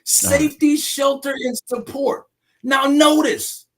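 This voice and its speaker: Emphatic male counselor type with a high voice, lecturing a men's group. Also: animated, measured pace. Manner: emphatic, preachy, keeps checking in with listeners. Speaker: domestic violence class facilitator. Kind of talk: group discussion.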